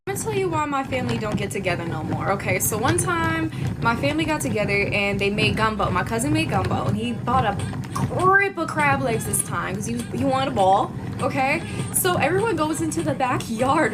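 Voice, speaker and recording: A young woman telling casual stories in a blunt, profane and animated way. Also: high voice. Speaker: storyteller. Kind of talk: casual storytime.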